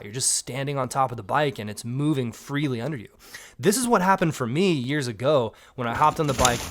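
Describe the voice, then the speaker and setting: A man's voice: medium pitch, a bit bright. A man in his thirties from Georgia with a Southern accent, a mountain bike coach giving direct, casual instruction to camera with joking asides.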